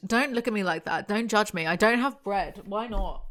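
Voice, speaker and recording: A woman's voice: medium pitch, a little fast, few pauses, fairly bright tone. British woman, young adult, wry, sarcastic, self-mocking, book commentary. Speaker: YouTuber. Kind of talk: reading a novel aloud with comic commentary.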